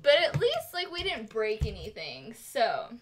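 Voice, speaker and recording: A young woman streaming while she crafts, telling a story in a casual, animated way with lots of fillers and giggles. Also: on the high side, a little slow, slight background noise. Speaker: cosplay streamer.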